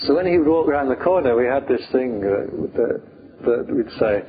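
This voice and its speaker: A man's voice: medium pitch, animated, brisk. A British man, a Buddhist monk, teaching meditation in an informal, humorous talk full of fillers. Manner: chatty, humorous, many fillers. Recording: tinny phone-like sound, faint hiss.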